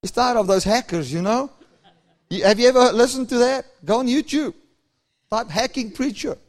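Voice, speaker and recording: Male preacher, high register, storytelling sermon that acts out the dialogue. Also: normal speed. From South Africa. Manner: storytelling, acting out dialogue with chuckles.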